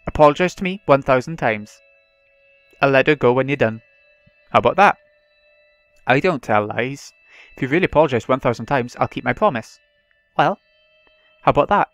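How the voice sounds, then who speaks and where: A man's voice: mid-range voice, lively intonation, moderate pace, long pauses, fairly bright tone, no room sound, soft background music. A man reading the lines of a vengeful teenage girl tormenting her captive, in a cold, mocking manner, in his own voice. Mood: taunting.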